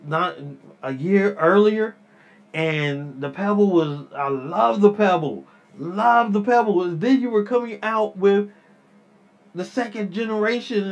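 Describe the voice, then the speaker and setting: A man hosting his own podcast, rambling in casual talk, repeating himself and calling his listeners "people". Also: high-pitched. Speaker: podcast host. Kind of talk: casual solo podcast rant. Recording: dull lo-fi sound.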